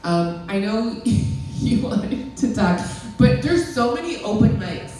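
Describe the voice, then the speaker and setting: A woman's voice: a little high, animated, slow pace, a little mellow, faint music behind. Chatty woman emceeing an open mic. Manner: chatty, jokey, laughs easily. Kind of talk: casual emcee banter. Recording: echoey club from a distance, faint room noise.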